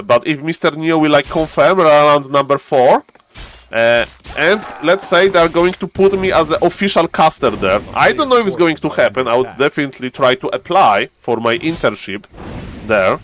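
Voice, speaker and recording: A man with a non-native English accent giving casual, joking live-stream commentary on a strategy game, getting loud and excited at key plays. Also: on the high side. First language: not English. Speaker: game caster.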